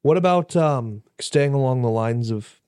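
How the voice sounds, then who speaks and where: A man's voice: mid-range voice, a little slow, warm tone, clear, resonant tone, no room sound, studio quality. A man co-hosting a casual podcast, hesitant and full of fillers. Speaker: podcast co-host. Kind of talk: casual chat.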